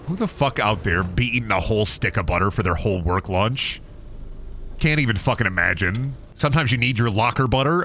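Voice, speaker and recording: A man's voice: on the low side, expressive, fast, pushed and bright. A young man streaming a game, rambling profanely and joking around, often slipping into silly voices. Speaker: gaming streamer. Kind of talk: casual gameplay commentary.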